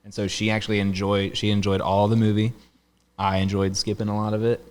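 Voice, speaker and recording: Low-voiced rambling podcast host, man. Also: little pitch movement, a little fast, smooth. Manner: rambling storyteller, laughs often. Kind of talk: casual chat.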